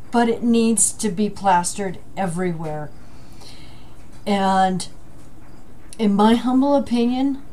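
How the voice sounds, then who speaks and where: Emotional, halting middle-aged woman vlogger. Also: mid-range voice, darkish tone, slight background noise. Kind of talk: emotional commentary vlog. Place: home with a dryer running. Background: a dryer running.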